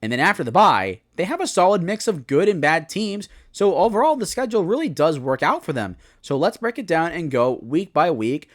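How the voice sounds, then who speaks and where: A young man giving a solo football season preview, talking it through with animated, self-correcting analysis. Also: a little high, brisk, few pauses. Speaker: sports commentator.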